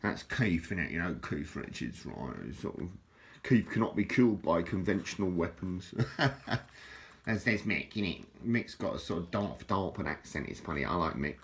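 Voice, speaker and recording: A man's voice: low voice, lively intonation, moderate pace. A man, rambling chattily and self-mockingly as he shows a book and talks about it. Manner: rambling, chatty, self-deprecating, many restarts and fillers. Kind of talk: casual rambling book show-and-tell.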